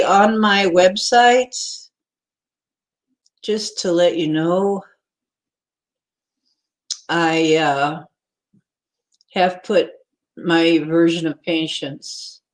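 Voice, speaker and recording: Woman, live-stream host, unhurried delivery, chatty and rambling, greets viewers. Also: lowish voice. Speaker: livestream host. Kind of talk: casual live-stream chat.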